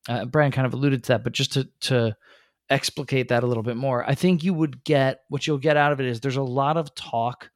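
Man, podcast co-host, mid pitch, chatty explainer, dry close sound. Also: fairly even intonation, a little fast, dry recording. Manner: chatty, explanatory, lots of fillers. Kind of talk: casual podcast chat.

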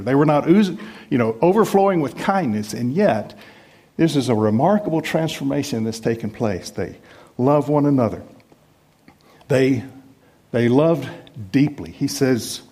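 This pastor, a middle-aged man from the United States, preaches with a chatty, self-mocking manner and animated stress on his words. His pitch is slightly high.

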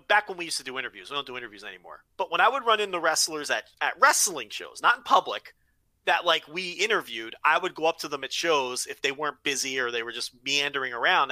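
A man's voice: on the high side, sharp tone, no echo, low-quality recording. A man hosting a podcast, chatting casually with agreeable, rambling asides. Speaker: podcast host. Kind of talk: casual chat.

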